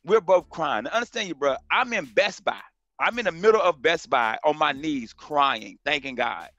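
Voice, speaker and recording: A middle-aged man, a comedian, tells a story with a bright, forward tone. He talks in an animated, slangy way and acts out the other voices. The sound is dry and close. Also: fairly high pitch, moderate pace, no room sound, lo-fi sound. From North Carolina. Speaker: comedian guest. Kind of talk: storytelling in a casual interview.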